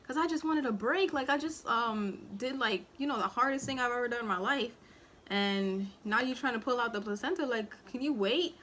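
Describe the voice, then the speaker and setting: A woman's voice: fairly high pitch, normal speed, fairly bright tone, a little hiss or hum. A young woman in casual storytime talk, rambling and full of fillers, acting out what people said as she tells it. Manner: chatty, rambling, filler-heavy, acts out quotes. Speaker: vlogger and new mother. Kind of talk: casual storytime while eating.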